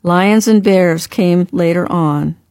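A woman reading the lines of a gentle, kindly male teacher speaking slowly and tenderly to children in an audiobook. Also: fairly low pitch, dry recording. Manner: slow, tender storytelling to children.

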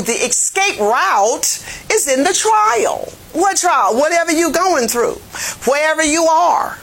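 A woman Bible teacher preaching a lesson in a fervent, plain-spoken way, her voice swelling to near-shouts. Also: high voice, lively intonation, takes it slowly, poor audio. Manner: folksy, plain-spoken phrasing. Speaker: jail ministry Bible teacher.

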